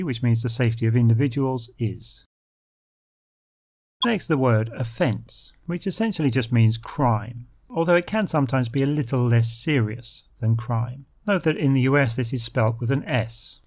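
A man gives a vocabulary lesson. His voice sits at a middle pitch. He explains each term clearly and methodically, with the occasional dry joke. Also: a little mellow. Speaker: English vocabulary teacher.

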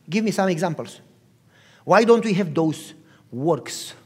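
Husky guy preaching, lively up-and-down delivery, big hall echo. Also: high-pitched, unhurried. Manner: animated storyteller, asks the audience questions. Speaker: pastor. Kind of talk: sermon. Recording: long hall reverb.

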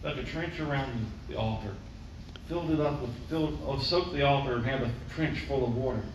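A man teaching a sermon in a relaxed storytelling way, acting out the lines he quotes. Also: medium pitch, brisk, slight background noise. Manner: conversational storytelling, acts out quotes. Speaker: preacher. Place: church. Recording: distant mic, echoey church hall, dull.

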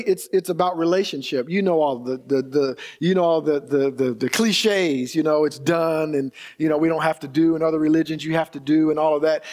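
A man's voice: sits high, darkish tone. A middle-aged male pastor preaching a conversational sermon, restarting phrases as he goes.

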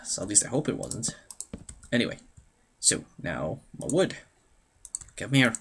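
A man's voice: mid-range voice, big pitch swings, measured pace, a bit bright, slightly rough. A young man chatting casually to himself as he plays a game, playful and rambling, humming now and then. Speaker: let's play host. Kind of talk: casual gameplay commentary.

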